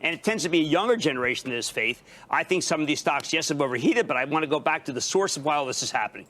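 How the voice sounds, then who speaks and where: Male market pundit on a news interview, emphatic and excitable, bright forceful tone. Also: a little high, rapid-fire. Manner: emphatic, excitable, talks in bursts. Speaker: TV financial commentator.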